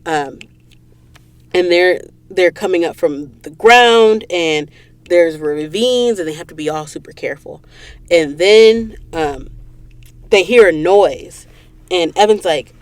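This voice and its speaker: A woman's voice: fairly low pitch, slow, no echo. A woman hosting a book podcast, retelling the story in an emotional, dramatic way and speaking directly to her listeners. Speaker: podcast host. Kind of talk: casual book recap podcast. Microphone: studio mic in a recording booth.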